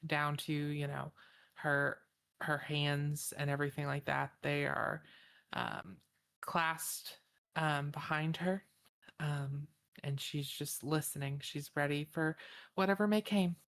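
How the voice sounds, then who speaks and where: Slow low-voiced woman player. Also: fairly even intonation, creaky, fairly bright tone. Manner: hesitant, many fillers and restarts. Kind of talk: describing her character in a tabletop game.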